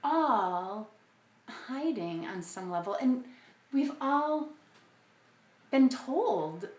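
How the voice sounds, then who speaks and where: A woman's voice: on the high side, lively intonation, extremely slow, darkish tone, roomy sound. A woman hosting an episode, thinking aloud in a casual, hesitant way with many fillers and restarts. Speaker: podcast host. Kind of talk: casual reflective monologue.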